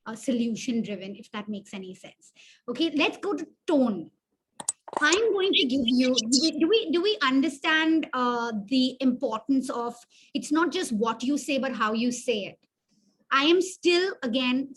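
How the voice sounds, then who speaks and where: Woman workshop mentor, high voice, conversational and self-mocking, draws the audience in. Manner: chatty, self-deprecating, asks the audience questions. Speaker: webinar mentor. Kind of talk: interactive online workshop teaching.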